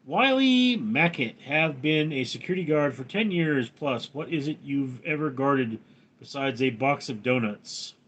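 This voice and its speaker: A man hosting a livestream reads viewers' names and questions aloud and answers them with jokes in casual chat. His mid-range voice is animated, a bit bright and slightly rough, at a measured pace. The audio is dull.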